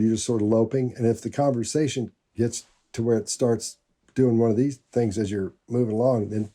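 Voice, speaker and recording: Deep, dark, husky male expert. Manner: loose, rambling explanations with restarts. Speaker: body language expert and jury selection trainer. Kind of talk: panel discussion.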